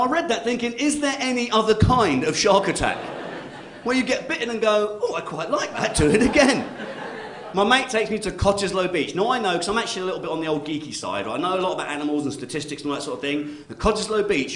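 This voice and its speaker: Man, stand-up comic, animated, rising and falling pitch, echoey club room, faint crowd hum. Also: quick pace. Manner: chatty, keeps tagging lines with "right?". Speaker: stand-up comedian. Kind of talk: stand-up comedy set. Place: comedy club stage with live audience. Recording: roomy club recording.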